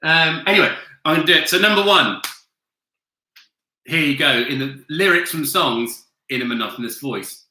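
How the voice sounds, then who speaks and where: Sweary, sharp-voiced quiz host man. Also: fairly high pitch, lively intonation, normal speed, roomy sound, poor audio. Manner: loose, sweary, chatty. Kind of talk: casual online quiz hosting. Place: home, with a flatmate nearby.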